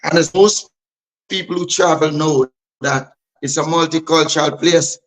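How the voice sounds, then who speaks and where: High-pitched Guyanese man, blunt. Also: steady tone, moderate pace, low-quality recording. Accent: Guyanese Creole. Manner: blunt, emphatic. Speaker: DJ and artist guest. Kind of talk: candid interview talk.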